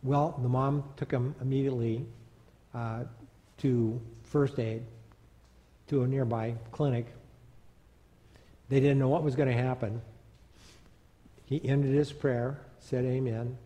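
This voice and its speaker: A man preaching as a pastor in a church, telling a story in a conversational, animated way with fillers. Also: medium pitch, takes it slowly, long pauses. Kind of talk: storytelling sermon. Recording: long church reverb.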